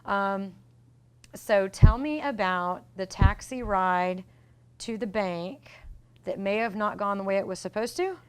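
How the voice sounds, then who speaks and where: Woman talk-show host, smooth resonant voice, gracious questioner. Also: medium pitch, a little slow. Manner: polite, gracious interviewer with warm praise. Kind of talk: interview.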